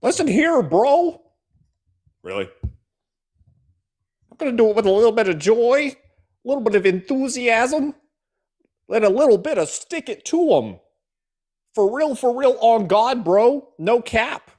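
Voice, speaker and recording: A man's voice: extremely high pitch, very animated, very fast, hardly any pauses, voice pushed up, full character voice. A man putting on an exaggerated, overeager impression of a politician forcing youthful slang. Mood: overeager mocking.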